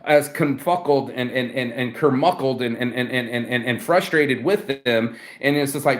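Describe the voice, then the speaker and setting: A man talking to camera in a rambling personal vlog rant, profane and animated, full of restarts and repeated filler words. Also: medium pitch, normal speed, hardly any pauses. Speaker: vlogger. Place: outdoors among trees.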